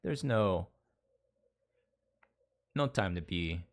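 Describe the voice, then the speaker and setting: A man's voice: deep voice, animated, very slow. A man from Las Vegas hosting a live stream, chatting casually with viewers, rambling, restarting sentences and reading their messages aloud. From Las Vegas, USA. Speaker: livestream host. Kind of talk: casual chat with a live audience.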